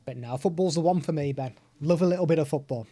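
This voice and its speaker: Chatty tech vlogger, mellow tone, desk mic. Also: male voice, on the high side, fast. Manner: chatty, hands-on explaining. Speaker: tech reviewer. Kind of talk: product demo vlog. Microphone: desktop USB/XLR microphone.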